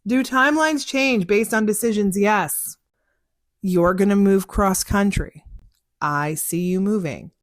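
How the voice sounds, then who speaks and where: In a casual chat answering listener questions, a young psychic podcast host talks frankly about her work from a car, often laughing and performing conversations. She has a medium-pitched voice and a measured pace, with studio-quality sound and no room sound.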